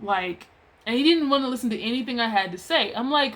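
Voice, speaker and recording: A woman's voice: a little high, lively intonation, fast, a bit bright. A woman telling a story about a clash at work in a casual, exasperated, chatty way.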